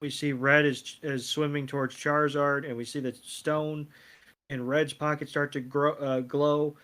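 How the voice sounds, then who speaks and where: A man co-hosting a casual podcast, recapping scenes in a rambling way with dry, deadpan quoted lines. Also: on the high side, a little slow. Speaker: podcast co-host.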